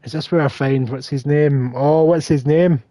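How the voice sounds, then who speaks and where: A man's voice: a little high, steady tone, moderate pace, dark tone, no echo. A man hosting a gaming livestream, chatting casually and self-deprecatingly as he thinks aloud through the game. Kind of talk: casual gameplay commentary.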